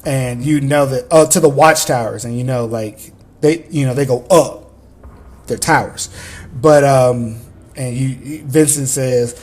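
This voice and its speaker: A man's voice: mid-range voice, unhurried, a little mellow. A man running a tabletop game as game master, narrating in a rambling way full of fillers.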